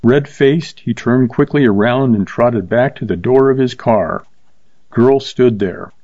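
Man, audiobook narration, measured and steady, muffled lo-fi sound, dead dry room. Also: medium pitch, dry recording. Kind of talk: scripted narration.

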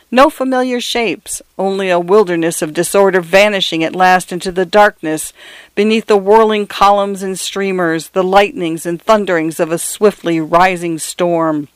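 A man reads a story aloud in a high voice with a smooth, resonant tone. His narration is measured and descriptive, with occasional asides to the listener, and the sound is close and dry. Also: fairly bright tone, no echo.

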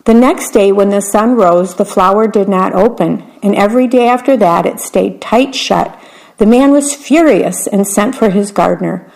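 A woman reading picture books aloud in a gentle, unhurried way, describing the pictures as she goes. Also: mid-range voice, vocal fry, low-quality recording. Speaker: storyteller.

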